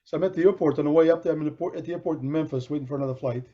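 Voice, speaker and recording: His voice is on the high side and he races through a long story, chatting casually as a podcast co-host. This middle-aged man acts out the quoted voices and keeps starting over, and the recording is dull and lo-fi.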